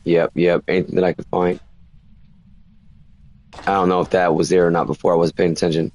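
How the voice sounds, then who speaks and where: A man doing casual let's play commentary, muttering to himself in a game and breaking into loud, dramatic outbursts. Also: sits low, fairly quick. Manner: animated, swings from mumbling to yelling at a ghost. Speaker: gaming streamer.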